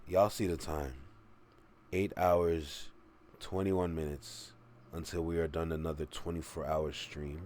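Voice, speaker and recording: A man hosting a casual livestream reaction, fast-talking and joking, who calls himself a motor mouth. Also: rumbling low, level tone, darkish tone, a little hiss or hum. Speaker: reaction streamer host.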